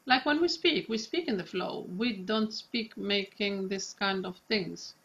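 A woman's voice: medium pitch, fairly bright tone, highs cut off, slight background noise. A woman coaching a singing student, demonstrating phrases with long, stretched vowels. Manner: demonstrates lines slowly, drawn-out Italian vowels. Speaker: vocal coach. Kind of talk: singing lesson.

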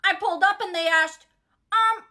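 A woman's voice: extremely high pitch, normal speed, pushed and bright. A synthetic female text-to-speech voice playing a rambling, boastful old woman in a nursing home. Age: older. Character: delusional 104-year-old woman, boastful. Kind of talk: text-to-speech story narration.

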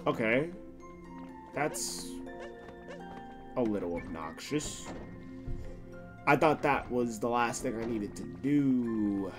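Animated man streaming a game. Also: medium pitch, takes it slowly, long pauses, music in the background. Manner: animated, crude, talks back to game characters. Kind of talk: live gameplay commentary.

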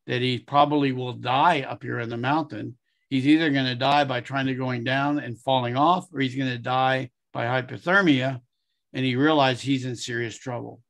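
A man preaching a sermon, telling a story in an earnest, unhurried way and briefly acting out the voices of the people in it. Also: mid-range voice, fairly bright tone.

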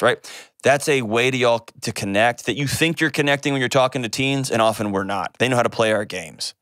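A man's voice: mid-range voice, normal speed, a bit bright, clean tone, dry recording, studio quality. A middle-aged man hosting a call-in advice show, speaking earnestly and emphatically, often repeating words for weight.

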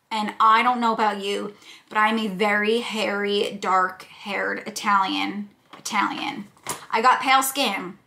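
A woman's voice: medium pitch, vocal fry, sharp tone. A young woman vlogging at home, chatting casually and playfully to the camera while cooking in her kitchen. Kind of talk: casual vlog chat. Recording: echoey room, faint background hiss.

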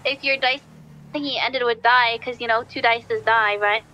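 A woman in GTA roleplay, ditzy and rambling, pitching a silly pun. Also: steady tone, moderate pace, sharp tone, lo-fi sound, a little hiss or hum. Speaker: roleplay character on a phone call.

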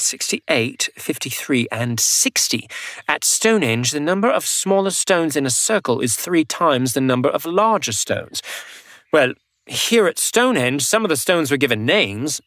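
An eager 17th-century scientist who loves to lecture, voiced by a man for a family audio adventure. His mid-pitched voice jumps up and down with enthusiasm. The sound is dry and close to the mic. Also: a bit bright, dry recording. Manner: lecturing, long-winded. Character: Isaac Newton, eager know-it-all 17th-century scientist. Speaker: character actor. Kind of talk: children's audio drama.

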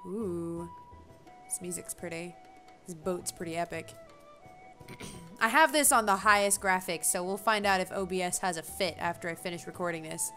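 A woman's voice: on the low side, moderate pace, bright, forceful tone, faint music behind. A young woman giving casual, gushing commentary while she plays a game, giggling often. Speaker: gaming streamer. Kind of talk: casual let's-play commentary.

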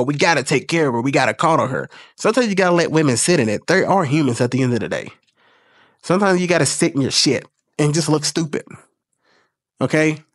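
A man's voice: a little high, fairly bright tone, no echo, clean studio sound. A man hosting a casual commentary video, blunt and profane, lecturing in an exasperated way.

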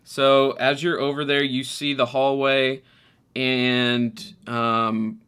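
A man's voice: medium pitch, little pitch movement, takes it slowly, fairly bright tone, clear, resonant tone. A man running a tabletop game as game master, describing scenes hesitantly with many fillers and restarts.

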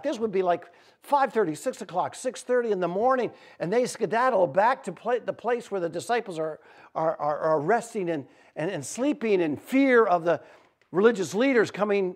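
A male pastor preaching in an informal, animated storytelling manner, with fillers and repeated words. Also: high-pitched, normal speed. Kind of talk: sermon storytelling.

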